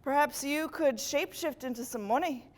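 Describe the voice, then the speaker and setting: A woman's voice: moderate pace, lightly acted. Woman doing a sly put-on Irish trickster. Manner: quiet, low and sly. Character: stingy, smug Irish trickster man.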